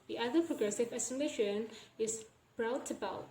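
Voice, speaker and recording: Slow-speaking young woman explaining phonetics. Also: a little high, a little mellow, echoey room, slight background noise, poor audio. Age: young adult. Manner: repeats example words slowly, explaining step by step. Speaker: student presenter. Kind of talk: recorded class presentation.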